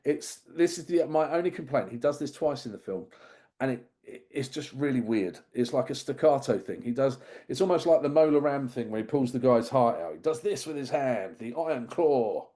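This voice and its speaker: A man's voice: medium pitch, lively intonation, normal speed, warm tone. A man chatting casually on a podcast, retelling a film with amused, rambling asides. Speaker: podcast co-host. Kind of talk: casual film review chat.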